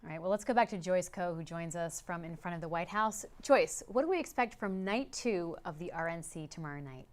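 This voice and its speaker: A woman's voice: lowish voice, animated, a little fast, hardly any pauses. A young adult woman anchoring a live political news panel, asking panelists conversational questions.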